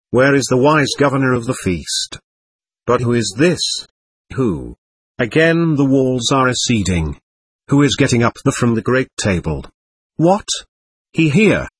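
A man narrating a literary audiobook in an expressive, dramatic reading. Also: medium pitch, slightly rough, dry recording.

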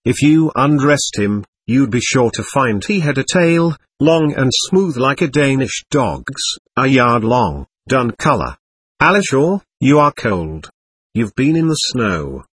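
A man voicing a feverish, delirious young man who rambles in an agitated, brooding way, with a husky voice. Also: medium pitch, sing-song, slow, no echo, clean studio sound, exaggerated voice.

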